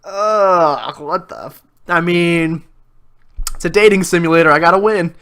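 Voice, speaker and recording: A man's voice: on the high side, unhurried, a bit bright, clear, resonant tone. A man hosting a let's play video, reacting in a joking, bemused way. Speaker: gaming video host.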